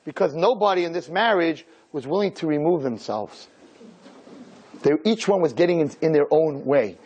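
A man who is a rabbi, giving a lively Torah lecture to a group, acting out little dialogues and firing off rhetorical questions. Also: on the high side, normal speed, highs cut off.

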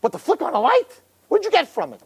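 A rabbi preaches in a fiery sermon, his fairly high male voice leaping from low, hushed murmurs to sharp, shouted peaks. He hammers his points through repetition and sprinkles in Hebrew and Yiddish religious terms. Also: huge pitch swings, rapid-fire, gravelly.

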